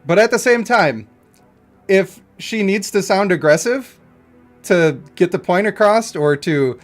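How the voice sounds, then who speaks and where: A man's voice: high-pitched, expressive, unhurried, soft background music. A man streaming a game, chatting casually in a rambling way and laughing often. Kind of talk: casual live-stream chat.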